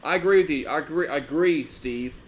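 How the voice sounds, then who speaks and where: A man's voice: on the high side, fairly quick, a little hiss or hum. Frustrated man ranting on a sports stream. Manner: frustrated, swearing, rambling with many restarts. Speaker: sports live-stream host. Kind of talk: casual live-stream fan chat.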